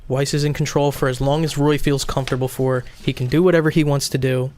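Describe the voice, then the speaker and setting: A man's voice: mid-range voice, level tone, fast talker, a little mellow. Man running a tabletop game. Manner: explaining rules patiently, checking in with "okay?". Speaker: game master.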